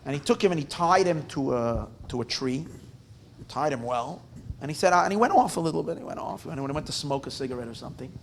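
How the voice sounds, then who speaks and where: An animated male rabbi telling a story at a live evening gathering, his voice fairly high and gravelly. He talks conversationally, breaks off mid-sentence and restarts. His pitch swings widely as he tells the story. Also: fast, slight background noise. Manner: animated, conversational, self-interrupting.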